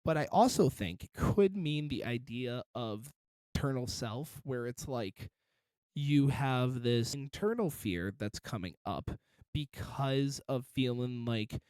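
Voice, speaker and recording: A man's voice: medium pitch, takes it slowly, darkish tone, clear, resonant tone, no echo. A man reviewing a song in casual commentary, encouraging and detailed about vocal technique.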